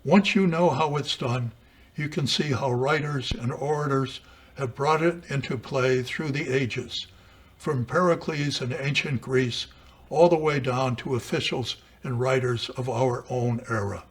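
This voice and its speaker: Slow, husky-voiced man teaching writing. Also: mid-range voice. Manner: measured, deliberate, with dramatic emphasis on quotations. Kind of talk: slow read-aloud lesson on composition. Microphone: camera mic.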